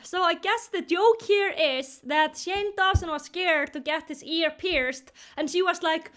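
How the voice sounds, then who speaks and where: A woman giving casual, animated commentary on a movie, retelling scenes with giggles and exaggerated disbelief. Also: very high-pitched, measured pace, hardly any pauses. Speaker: commentary youtuber.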